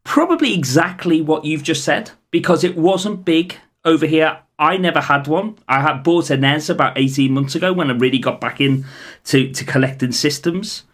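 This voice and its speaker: A man's voice: on the high side, normal speed, fairly bright tone. A man with a Scouse accent, co-hosting a podcast in casual, rambling chat. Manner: chatty, rambling with restarts. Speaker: podcast co-host.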